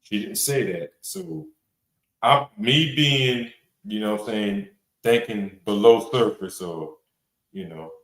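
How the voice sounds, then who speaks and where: A man's voice: lowish voice, slow pace, fairly bright tone. A man hosting a reaction podcast panel, talking in a blunt, rambling, casual way with plenty of swearing and fillers. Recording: roomy echo.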